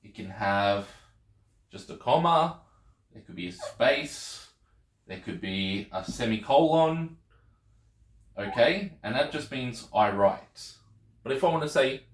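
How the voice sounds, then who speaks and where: A man's voice: lowish voice, lively intonation, takes it slowly, long pauses, echoey room. A man teaching a video language lesson, patient and encouraging, often checking in with "okay?". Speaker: Greek teacher.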